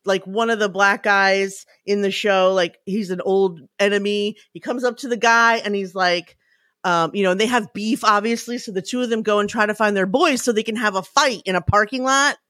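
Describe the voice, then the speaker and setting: Female podcast co-host, casual storyteller, bursts into animated impressions, dry close sound. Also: mid-range voice, moderate pace, dry recording. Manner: animated storytelling, breaks into loud excited impressions. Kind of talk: casual chat.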